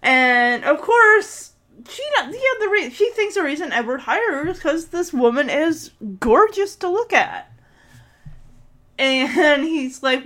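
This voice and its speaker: A woman's voice: high voice, expressive, slow pace, fairly bright tone. A woman casually recapping a TV episode, chatty and giggly, retelling scenes with quoted lines. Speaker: podcast host recapping a TV episode. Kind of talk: casual chat.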